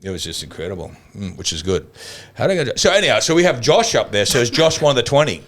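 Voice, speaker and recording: A man with an Australian accent hosting a podcast, telling anecdotes in a casual, animated way and laughing often. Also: mid-range voice, fast. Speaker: podcast host.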